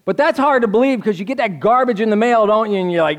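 Man, pastor, sermon, high-pitched, conversational, asks the congregation questions. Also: quick pace, few pauses.

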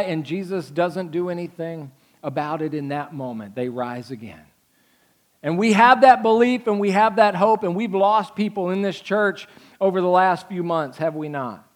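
A man preaching a sermon as pastor, animated and conversational, acting out quotes from the story. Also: sits high, normal speed.

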